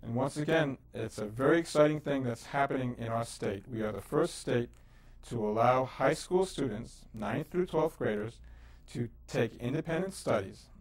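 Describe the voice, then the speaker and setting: A man teaches the Hebrew alphabet as host of an educational lesson, sounding out syllables with patience and explaining letters casually, fillers included. He talks at normal speed with a medium pitch and barely pauses.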